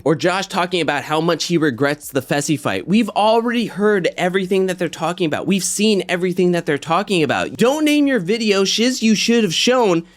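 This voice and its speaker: A man with a high-pitched voice hosts a casual commentary show. He talks in an animated, ranty way and gets more and more worked up as he goes. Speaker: reality TV commentary host.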